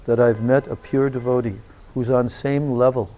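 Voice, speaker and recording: A man, a swami, recounting a personal memory in a slow and reverent devotional talk. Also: medium pitch, fairly even intonation, mellow. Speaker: swami giving a spiritual talk. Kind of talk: devotional storytelling lecture.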